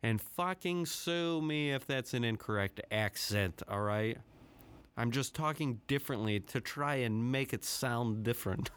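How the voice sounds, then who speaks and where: A man's voice: mid-range voice, smooth. A man hosting his own podcast, rambling through a casual, profane solo rant with a self-deprecating edge. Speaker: podcast host.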